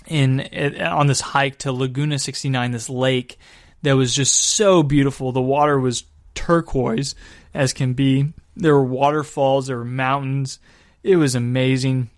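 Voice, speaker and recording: A man's voice: medium pitch, no room sound, clean studio sound. A man hosting his own podcast, telling a travel story in an enthusiastic, casual way. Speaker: podcast host and Catholic evangelist.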